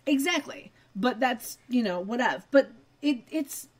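Woman on a podcast, slightly high voice, chatty recap with dry little jokes. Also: expressive, measured pace. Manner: chatty, wry asides. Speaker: podcast co-host. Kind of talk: casual recap chat.

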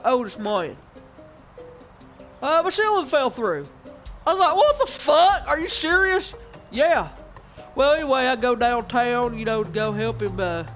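A young man, rambling profanely and excitably while telling a story over a gameplay stream. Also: high-pitched. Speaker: gaming streamer. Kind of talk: casual rambling gameplay chat.

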